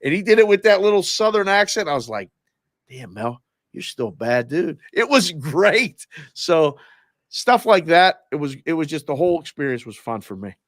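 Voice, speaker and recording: This man speaks in a high voice at normal speed, recorded with clean studio sound and no room noise. Once an oddsmaker, he's a guest in a relaxed sports-betting conversation, spinning lively stories and imitating whoever he quotes.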